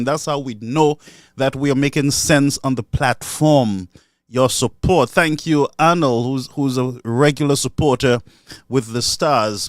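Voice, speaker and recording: A man's voice: medium pitch, no room sound, studio quality. A man hosting a casual livestream, greeting viewers by name in a chatty way and slipping into Kweyol. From St Lucia. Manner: warm, chatty, laughs often, switches into Kweyol. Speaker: livestream host.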